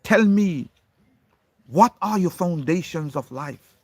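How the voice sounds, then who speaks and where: A man with a fairly high voice delivers an impassioned, preachy monologue at a slow, deliberate pace. He speaks straight to a critic and hammers single words for emphasis. He sounds insistent and certain throughout. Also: expressive, darkish tone, no room sound. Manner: preachy, addressing an unseen critic directly.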